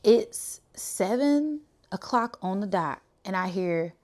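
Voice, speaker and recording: A woman from the Bay Area who tells a spiritual story in a casual, animated way and keeps checking in with "right?". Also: medium pitch, slow pace, hardly any pauses. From Bay Area, California. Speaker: spiritual channel host.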